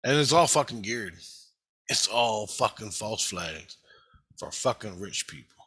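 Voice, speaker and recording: A man with a bright, forceful voice rambles through a personal video monologue. He swears constantly and gets heated as he goes. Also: lowish voice, expressive, measured pace, breathy edge. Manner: heavily profane, heated and rambling. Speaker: vlogger.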